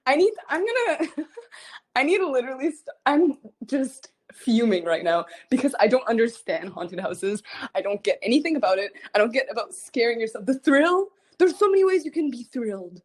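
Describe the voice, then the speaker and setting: Animated young woman rambling through a story. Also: fairly high pitch, normal speed. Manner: frequent giggling. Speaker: singer hosting a livestream listening party. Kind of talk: casual chat.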